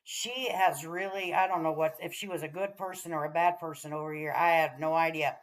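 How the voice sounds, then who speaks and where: A woman's voice: sits low, fairly even intonation, fairly quick. A woman hosting a casual livestream, talking to her chat in a folksy way and swearing freely. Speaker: livestream host.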